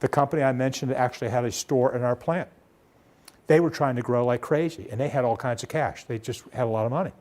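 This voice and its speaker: A man's voice: fast talker, darkish tone. A man giving a live small business seminar, talking in a conversational way full of rhetorical questions. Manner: conversational, rhetorical questions, acts out demanding debtor with raised pitch. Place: seminar room.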